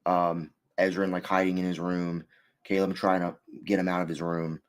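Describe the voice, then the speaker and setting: A man's voice: low voice, level tone, normal speed, clear, resonant tone. A man co-hosting a casual review chat, rambling with many fillers and restarts. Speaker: co-host reviewing an episode.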